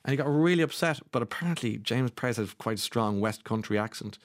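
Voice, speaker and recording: A man's voice: medium pitch, expressive, a little fast, dry recording, clean studio sound. A chatty Irish man hosting a radio show, reading out listener messages between gossipy asides. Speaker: radio host.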